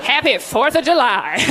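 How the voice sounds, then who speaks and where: Female stand-up comic, high voice, sarcastic and punchy, faint room hiss behind her. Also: big pitch swings, slow, crowd noise. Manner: sarcastic, punchy, mock-outraged delivery. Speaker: stand-up comedian. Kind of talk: live stand-up set. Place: comedy stage before a laughing audience.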